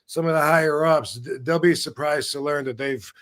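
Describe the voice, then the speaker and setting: A middle-aged man hosting a casual livestream chat, talking bluntly and rambling through animated stories. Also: a little high, normal speed. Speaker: podcast host. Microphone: video call.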